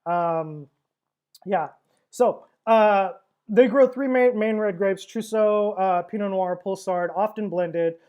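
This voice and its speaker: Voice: mid-range voice, takes it slowly, a little mellow, dull audio. A wine seller hosting a casual livestream tasting, talking in a chatty, rambling way with frequent fillers and laughs.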